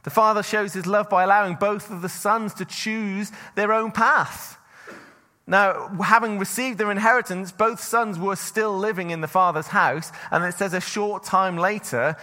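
A man with a fairly high, bright, ringing voice delivers a sermon in an earnest, conversational manner, often restarting his sentences. His words carry a long reverb, as though spoken in a large hall. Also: steady tone, moderate pace. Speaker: preacher. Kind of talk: scripture reading and sermon.

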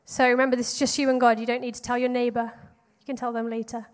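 High, encouraging woman leading children's prayer. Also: level tone. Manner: bright, encouraging, paced with pauses. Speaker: children's church leader. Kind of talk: guided prayer for children and families. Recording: long hall reverb.

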